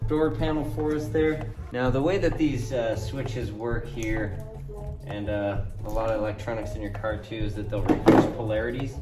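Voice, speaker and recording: A man's voice: on the low side, fairly even intonation, normal speed, echoey room, distant mic, music in the background. A man talking casually as he strips a car door in his garage, loose and joking, with lots of fillers and some swearing. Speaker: car vlogger working on a track build. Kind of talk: casual workshop commentary.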